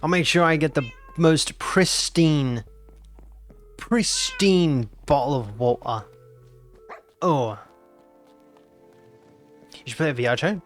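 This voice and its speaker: A man's voice: fairly high pitch, a little slow, long pauses, fairly bright tone, soft background music. A nineteen-year-old man, chatting casually and teasingly as a game streamer reacting to his chat. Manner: playful and teasing, repeats himself.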